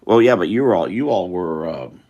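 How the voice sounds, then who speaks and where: An artist draws live for his viewers, chatting casually and thinking out loud as he goes. His deep, dark-toned voice is lively in intonation and brisk, though the audio is dull.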